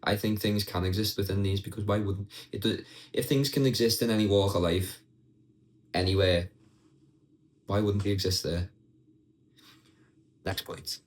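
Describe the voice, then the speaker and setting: A man's voice: fairly low pitch, fairly even intonation, normal speed, long pauses, low-quality recording. A young man ranting casually and bluntly to his viewers, swearing freely and talking straight at the camera. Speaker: vlogger.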